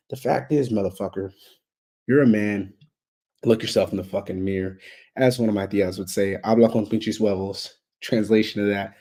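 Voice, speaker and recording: A man's voice: lowish voice, warm tone, slightly rough. A man delivering a blunt, heavily profane motivational monologue, hammering his points with repetitive emphatic build-ups. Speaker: motivational speaker.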